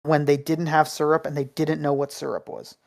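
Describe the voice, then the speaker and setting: Animated, swearing podcast co-host. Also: medium pitch, a little fast, vocal fry. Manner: animated, profane storyteller. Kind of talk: casual chat.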